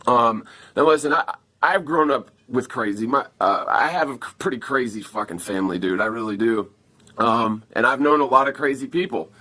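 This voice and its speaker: Brief: man in a phone-recorded vlog, mid-pitched, rambling and cursing, calling everyone "man" and "dude", shaken and pleading. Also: normal speed, pushed and bright. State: upset after an attack. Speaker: vlogger asking viewers for help. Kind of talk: casual to-camera vlog. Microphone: phone camera.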